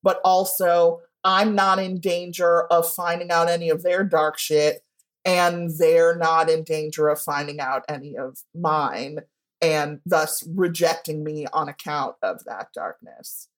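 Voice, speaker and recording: A woman's voice: low-pitched, fairly even intonation, a little slow. A woman guest speaking frankly in a casual interview, often acting out what people said to her. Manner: frank and candid, acts out quoted voices. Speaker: guest author.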